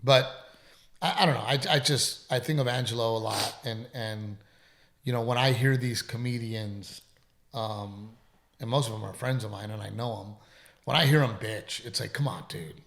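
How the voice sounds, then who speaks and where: A man with a gravelly, creaky voice tells a story in a casual podcast chat. His delivery is emphatic, and he swears freely. He sounds congested, as if he is recovering from being sick. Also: mid-range voice, moderate pace, a bit bright. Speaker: comedian.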